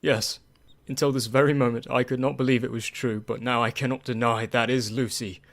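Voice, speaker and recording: A man's voice: mid-range voice, level tone, fairly quick, a bit bright, lightly acted. A man voicing an earnest, devoted doctor in a radio play, speaking urgently. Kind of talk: community radio play acting.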